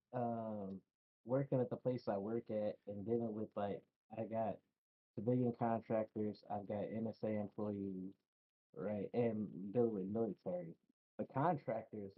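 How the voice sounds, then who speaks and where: A man's voice: lowish voice, a little slow, breathy edge, phone-quality sound. A man streaming, chatting casually and telling profane workplace stories with frequent laughter. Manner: profane, storytelling, laughs often. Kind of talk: casual chat.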